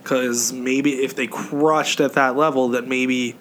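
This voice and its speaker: A man's voice: medium pitch, steady tone, takes it slowly, a bit bright, a little hiss or hum. A man co-hosting a casual sports podcast, musing in an easygoing way. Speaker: podcast co-host.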